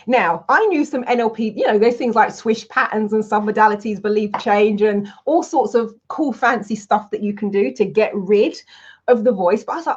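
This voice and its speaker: Lively woman coach, muffled audio. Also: mid-range voice, moderate pace, breathy edge. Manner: lively, candid, anecdotal. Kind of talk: webinar storytelling.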